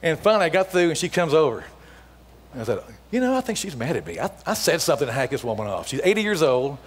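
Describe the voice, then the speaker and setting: A middle-aged man giving a storytelling sermon as a guest speaker, acting out the dialogue as he tells it before softening to a hushed appeal. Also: a little high, big pitch swings, fast, breathy edge. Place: church sanctuary. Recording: long hall reverb in a church.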